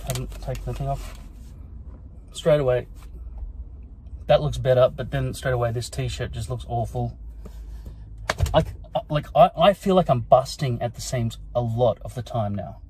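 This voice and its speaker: Man, worn out and short on sleep, mid-pitched, profane self-deprecating vlog rant into a phone. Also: normal speed, pauses often, a little mellow, slight background noise, poor audio. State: exhausted and sleep-deprived. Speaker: vlogger. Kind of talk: rambling self-recorded rant.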